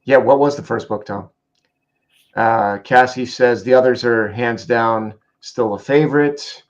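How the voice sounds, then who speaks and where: A man co-hosting a casual livestream chat, reading out viewer comments with quick asides. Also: mid-range voice, lo-fi sound. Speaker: co-host reading viewer questions.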